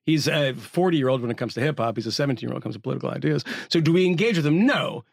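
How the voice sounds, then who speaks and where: A man's voice: mid-range voice, lively intonation, very fast, vocal fry, dry recording. Blunt, wry man on a dry mic. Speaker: podcast co-host. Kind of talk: casual panel discussion.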